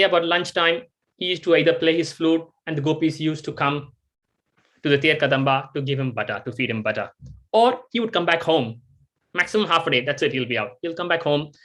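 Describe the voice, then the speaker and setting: A man giving a devotional storytelling talk, animated and acting out the scenes he tells. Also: fairly high pitch, fast talker. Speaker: devotional speaker.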